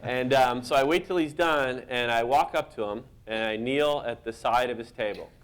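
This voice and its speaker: Self-deprecating man telling animated stories. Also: medium pitch, normal speed, clean tone. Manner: self-deprecating, animated storyteller who laughs at his own tales. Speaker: cartoonist guest. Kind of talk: anecdotal storytelling in an interview.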